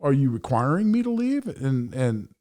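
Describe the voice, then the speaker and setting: A middle-aged firearms attorney, appearing as a podcast guest, tells an animated story in a medium-pitched, sing-song voice with a darkish tone and moderate pace. He's emphatic and profane, acting out the voices of the people involved.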